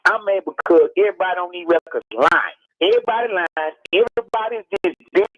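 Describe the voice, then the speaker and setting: Over a muffled phone line, a Texas rapper calling in to a radio show gets heated, lecturing with emphasis and repeating himself. He speaks a little fast in a high-pitched, animated voice, with no echo.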